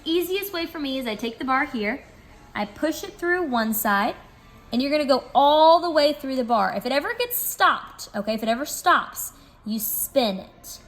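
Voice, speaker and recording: A woman's voice: sits high, lively intonation, moderate pace, fairly bright tone, faint music behind. A woman training store staff, demonstrating step by step in an upbeat, instructive way and often checking in with her listeners.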